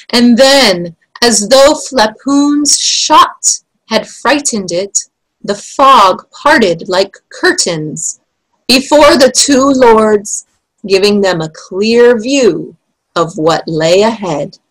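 Brief: unhurried female storyteller from Panama, expressive read-aloud of a children's chapter book. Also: mid-range voice, rough recording. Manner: expressive, deliberate storybook reading. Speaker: storyteller, teacher.

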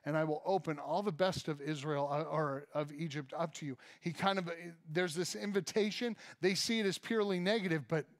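High-voiced American pastor preaching. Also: male voice, a little fast, few pauses. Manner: reads scripture aloud and acts out reactions with humor; addresses the congregation directly. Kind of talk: sermon. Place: church before a congregation.

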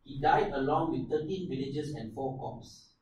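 A man's voice: a little high, moderate pace, a little mellow. A man with a Malaysian English accent co-hosting a live comedy podcast, narrating a story and breaking into jokes. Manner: narrates events, then breaks into joking bits with laughs. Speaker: podcast co-host. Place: live show venue. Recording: very echoey live room, mic distant, faint noise.

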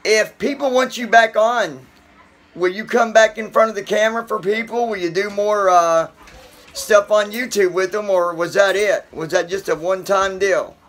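A man hosting his online show in a casual, halting way with many filler pauses. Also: high voice, a bit bright. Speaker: host. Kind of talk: casual chat.

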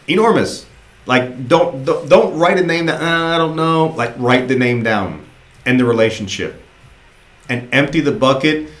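Male sales trainer, casual motivational delivery, middle pitch, echoey room. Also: fairly bright tone. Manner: casual, encouraging, repeats himself.

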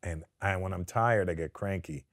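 Canadian-raised man guest, lowish voice, dry studio sound, loose profane storytelling. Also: normal speed, no room sound. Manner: profane, animated storyteller who acts out quotes. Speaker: guest comedian. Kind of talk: casual interview storytelling. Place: studio sit-down interview.

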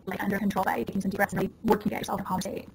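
A woman's voice: medium pitch, flat delivery, very fast, gravelly. A woman in her forties, a parenting consultant, explaining things in a casual, earnest way and acting out little quotes as she goes. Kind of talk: casual interview talk. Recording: audible background noise.

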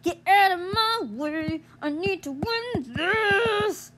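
A young woman commentating her gameplay, exasperated and groaning, yelling at other players to get out of her way. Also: very high voice, animated, slow. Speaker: gamer streamer.

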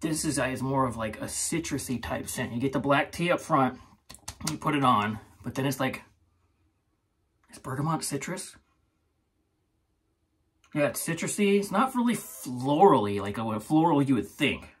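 A man with a husky, slightly breathy voice talks through his shave in a loose, chatty way. He rambles, laughs often, and sounds like he is reviewing products for his own channel. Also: medium pitch, sing-song, normal speed, pauses often, a bit bright. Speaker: shaving channel host. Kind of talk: casual product review vlog.

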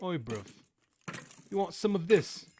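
A man putting on a rowdy tough-guy brawler who loudly picks fights in a game. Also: high-pitched, sing-song, moderate pace, a little hiss or hum, voice pushed up. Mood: taunting. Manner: loud mock-threatening slang taunts.

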